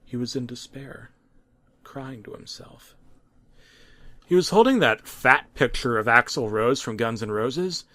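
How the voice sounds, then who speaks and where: A man reads a horror tale with dramatic, deadpan seriousness, stumbling over a word now and then. His voice sits at an ordinary male pitch in a dry, close recording. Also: dry recording. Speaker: creepypasta narrator. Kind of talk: mock-serious horror story narration.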